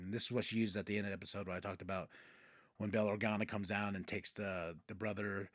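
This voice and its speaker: A man hosting a podcast, retelling episodes in casual chat and excitedly acting out characters' lines. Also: on the low side, fairly quick, dry recording, clean studio sound. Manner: excitable, acts out characters' lines mid-story. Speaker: podcast host.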